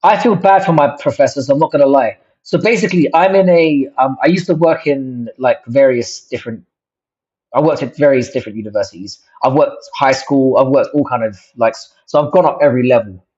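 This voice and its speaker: A man's voice: medium pitch, a little fast, darkish tone, breathy edge. A young man, host of a casual livestream, chatting to viewers in a rambling, sweary way with many restarts. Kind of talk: casual livestream chat reacting to comments. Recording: dull lo-fi stream audio.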